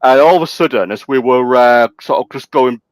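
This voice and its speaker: A man's voice: medium pitch, brisk, no echo. A man telling an anecdote in a casual livestream chat, hesitant and full of fillers. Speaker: livestream co-host.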